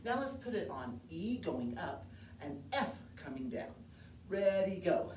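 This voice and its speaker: Low-voiced woman teaching music in an echoey room. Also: big pitch swings, normal speed, a little mellow, a little hiss or hum. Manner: cues counts and sings scale notes aloud. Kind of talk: demonstrating a movement and singing lesson. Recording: echoey room heard from a distance.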